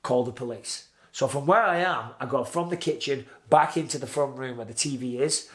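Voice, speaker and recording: A man's voice: medium pitch, a little fast, fairly bright tone. A British man in his forties telling a vivid personal story in a casual way, acting out his own past lines. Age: 40s. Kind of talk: casual spoken anecdote.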